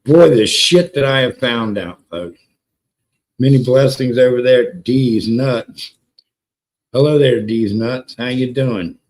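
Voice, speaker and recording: A man hosting a casual livestream, excitable and profane, greeting chatters by name and repeating words for emphasis. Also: medium pitch, slow pace, poor audio. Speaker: livestream host. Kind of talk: casual live-stream chat with viewers.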